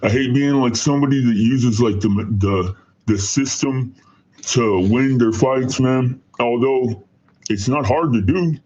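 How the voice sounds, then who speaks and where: A man's voice: medium pitch, unhurried, a little mellow. A man streaming, chatting casually in a rambling, slangy way with frequent restarts. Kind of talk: casual chat. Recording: dull lo-fi sound.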